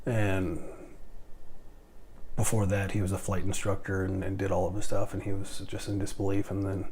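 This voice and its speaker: Man, middle-aged, warm low timbre, stammering, rambling casual podcast talk. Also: little pitch movement, moderate pace, slight background noise. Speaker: podcast host and airline captain. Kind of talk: casual monologue.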